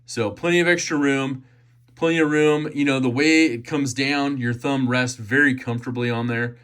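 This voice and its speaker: A man's voice: medium pitch, fairly even intonation, normal speed, a bit bright, clean tone. A man giving a chatty, enthusiastic knife unboxing review, often repeating his phrases.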